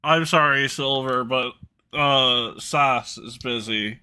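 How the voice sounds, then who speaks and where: A man's voice: mid-range voice, takes it slowly, pushed and bright, clear, resonant tone. A man running a tabletop game as game master, joking around and laughing at his own bits. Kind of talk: casual tabletop game narration.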